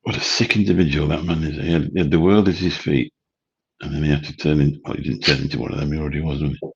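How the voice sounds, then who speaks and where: Man, late 50s, livestream host; husky, very deep, chatty and rambling. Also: fairly even intonation, fast, muffled recording. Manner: rambling, chatty, swears casually. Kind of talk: late-night livestream chat. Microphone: studio mic through a mixer.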